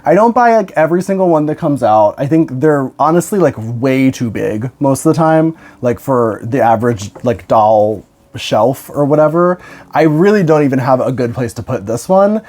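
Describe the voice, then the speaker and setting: A tired young woman who collects dolls chats casually in an unboxing vlog with a very deep voice at normal speed. She is excitable and emotional, laughs often, and swears freely.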